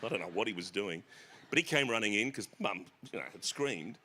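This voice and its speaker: A middle-aged Australian man telling family stories as an author guest on a festival stage, animated and laughing. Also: on the low side, brisk, a little hiss or hum. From South East Queensland, Australia. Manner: animated, bursts into shouted impressions and laughter.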